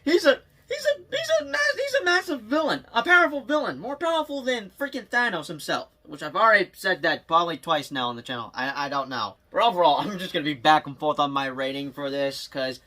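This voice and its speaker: A young man vlogging at home into his phone, rambling excitedly about movies with frequent laughs. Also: on the high side, fairly quick, hardly any pauses. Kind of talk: casual movie vlog chat.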